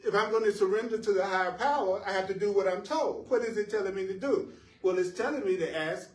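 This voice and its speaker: A man teaching a live spiritual class to listeners in the room, animated and playful, laughing at his own jokes and repeating phrases for emphasis. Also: high-pitched, moderate pace. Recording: roomy echo, voice picked up from a distance.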